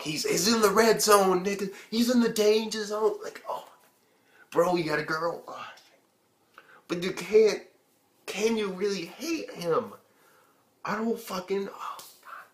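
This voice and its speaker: A young man reviewing an anime episode on his own channel, talking in an excitable, rambling way and swearing often. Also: high-pitched, reverberant. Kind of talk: casual video review.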